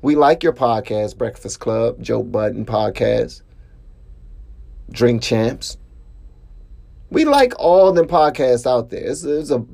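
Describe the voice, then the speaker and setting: A man hosting his own podcast, telling a story in a casual monologue, animated and jumping up in pitch when he gets worked up. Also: slow, creaky, long pauses. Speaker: podcast host.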